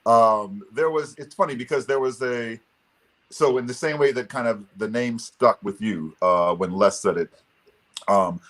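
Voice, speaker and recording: A man's voice: medium pitch, a little slow. A man speaking as an interview guest over a video call, telling a motivational story with energy and leading the audience in a pose. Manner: energetic, leads audience participation.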